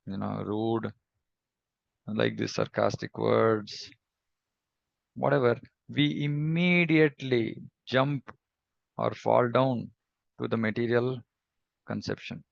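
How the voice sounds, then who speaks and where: A man giving a devotional scripture class in a reflective, measured way, pausing often and humming between thoughts. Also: medium pitch, creaky, dry recording, dull audio. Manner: reflective, measured, with pauses and hums. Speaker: scripture teacher.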